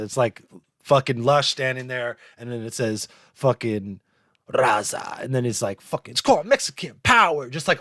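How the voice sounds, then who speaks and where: Brief: male podcast host, animated and profane, keeps breaking into laughter, dry close sound. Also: medium pitch, dry recording. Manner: animated, laughing, swearing a lot. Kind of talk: live podcast chat.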